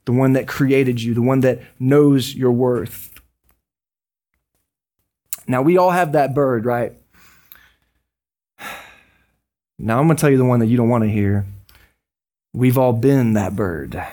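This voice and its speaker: A man preaching a sermon as a pastor, conversational and joking with quick asides. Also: medium pitch, warm tone.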